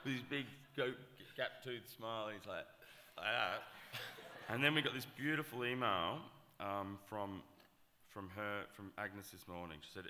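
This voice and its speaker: Excited man telling a story in a hall. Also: lowish voice, moderate pace, slight background noise. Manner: excited storyteller, swears, acts out quotes. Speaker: festival promoter on a panel. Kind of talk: conference panel talk.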